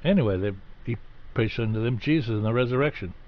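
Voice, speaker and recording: A man delivers a sermon in a mid-pitched voice, teaching in a loose, conversational way. He lifts his voice sharply to stress the key points. The recording sounds slightly dull and lo-fi. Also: fast talker. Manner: conversational teaching, rising emphasis on key words. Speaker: preacher.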